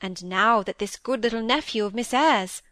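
A woman reading aloud, voicing a kindly, genteel lady of the manor with a gentle, coaxing manner. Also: fairly high pitch, normal speed, dry recording.

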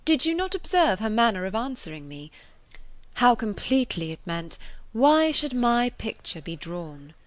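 A woman reading the part of a lively, self-assured young gentlewoman, eager and animated, in a dry recording. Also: a little high, normal speed, no room sound, voice pushed up.

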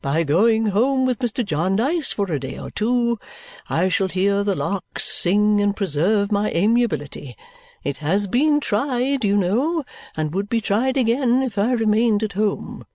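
A woman reading an audiobook, voicing a whimsical, childlike middle-aged gentleman with a light, sing-song manner and slow, drawn-out phrases. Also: mid-range voice, lively intonation, no echo, clean studio sound, lightly acted.

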